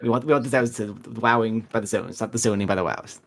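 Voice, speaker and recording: A man's voice: on the low side, fast talker, a bit bright. A man co-hosting a casual gaming podcast, making dry jokes with many fillers. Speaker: podcast co-host.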